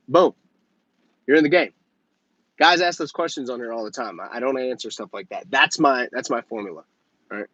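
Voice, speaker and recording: The voice belongs to a softwash business channel host whose casual advice is blunt and salted with swearing. He keeps asking "okay?" and "right?" and acts out dialogue in quick voices. His pitch is on the high side, and the muffled recording has no echo.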